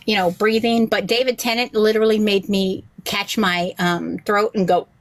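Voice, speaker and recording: A woman chatting casually on a podcast, an animated storyteller who acts out the voices she quotes and swears freely. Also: medium pitch, moderate pace. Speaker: rabbi and podcast guest.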